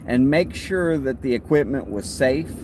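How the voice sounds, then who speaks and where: Relaxed Texan man chatting on a livestream. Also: medium pitch, a little slow, noisy background. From Texas. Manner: relaxed and rambling, friendly asides. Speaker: host of a pipe-smoking livestream. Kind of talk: casual livestream chat.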